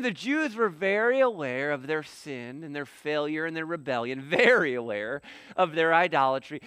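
A middle-aged man preaching a sermon as pastor, animated and acting out quoted dialogue. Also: high voice, clear, resonant tone, dry recording.

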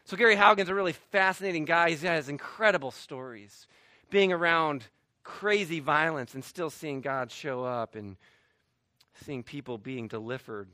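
A man preaching a sermon as pastor, animated, moving between loud emphatic peaks and quiet low asides. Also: moderate pace, no echo.

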